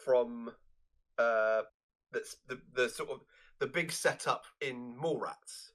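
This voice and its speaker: A man co-hosting a film podcast, speaking at a middle pitch. He recalls scenes haltingly, often repeating words before he finds them. Small chuckles break up his casual chat. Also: fairly bright tone. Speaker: podcast co-host.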